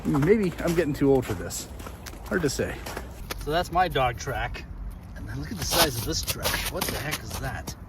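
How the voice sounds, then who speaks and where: Very noisy audio captures a middle-aged man's casual walking vlog along a windy, muddy forest trail. His medium-pitched voice is animated and moves at a normal speed, easygoing and slightly out of breath as he talks to viewers.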